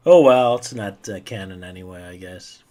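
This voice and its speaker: A man's voice: deep voice, normal speed, warm tone. A man co-hosting a casual podcast, joking and trailing off at the ends of phrases. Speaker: podcast co-host.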